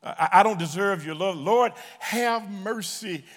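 A man voicing an ashamed male drunkard who quietly pleads with God for mercy. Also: high voice, unhurried, in a large hall. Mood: pleading. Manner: quiet, humble, mumbling.

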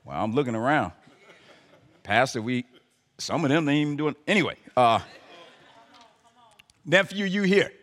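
A man's voice: mid-range voice, animated, normal speed, long pauses, a bit bright. A man preaching a sermon, talking to the congregation conversationally with emphatic rising calls. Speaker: pastor. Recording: live sermon in a reverberant hall.

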